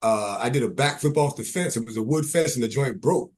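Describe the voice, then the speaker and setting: Relaxed man in casual chat. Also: medium pitch, fairly quick, breathy edge. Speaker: podcast co-host.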